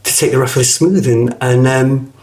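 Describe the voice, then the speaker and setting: A man's voice: medium pitch, fairly even intonation, normal speed, darkish tone. Guy in his middle years, chatty, acts out the bits people said, lots of restarts. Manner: chatty storyteller, acts out quotes, many restarts. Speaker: guest actor. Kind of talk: casual interview chat.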